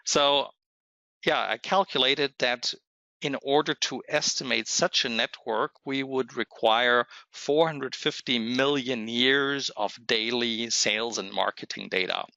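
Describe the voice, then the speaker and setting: A hoarse man presenting a software webinar, explaining step by step in a measured way and pausing to think. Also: medium pitch, dry recording. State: hoarse, losing his voice. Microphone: computer mic on a webinar call. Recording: dull, muffled lo-fi audio.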